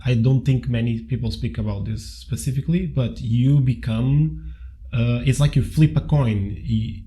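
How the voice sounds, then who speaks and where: A man co-hosting a casual spiritual talk, speaking haltingly with restarts. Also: medium pitch, dark tone. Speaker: co-host.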